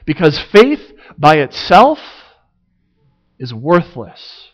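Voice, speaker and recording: A man delivers a sermon at a deliberate, unhurried pace. His voice sits slightly higher than most men's, and he leans on rhetorical questions and dramatic pauses. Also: sing-song. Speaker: pastor.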